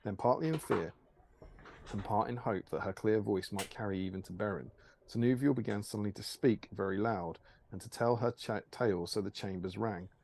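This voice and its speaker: A man's voice: fairly low pitch, vocal fry, darkish tone, slight background noise. Man reading an old-style fantasy tale. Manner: measured, archaic storytelling. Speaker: stream host.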